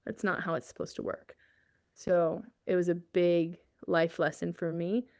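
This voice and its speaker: A woman's voice: fairly low pitch, fairly even intonation, unhurried, darkish tone, no room sound, studio quality. A woman guest on an interview show, telling a personal story in a casual way, often laughing and acting out her own thoughts. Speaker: guest, journalist.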